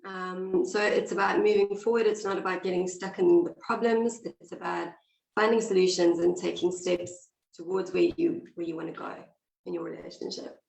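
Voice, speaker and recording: Husky woman with a flu. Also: on the low side, steady tone, normal speed, a little mellow, reverberant, rough recording. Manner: direct, chatty explanations. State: hoarse with flu. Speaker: couples coach. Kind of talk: online interview.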